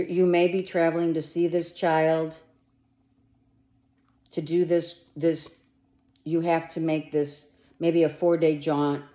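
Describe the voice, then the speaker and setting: A woman's voice: low-pitched, warm tone. A woman gives a monthly tarot reading in a blunt, emphatic way, swearing freely as she urges the listener to stand firm. She takes her time with each phrase. The recording sounds dull and lo-fi. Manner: talks straight to the listener with urgent reassurance. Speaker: tarot reader.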